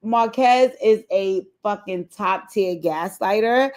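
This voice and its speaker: A woman giving a casual, animated recap of a reality TV episode to her viewers, chatty and free with swearing, acting out the people she quotes. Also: mid-range voice, slow.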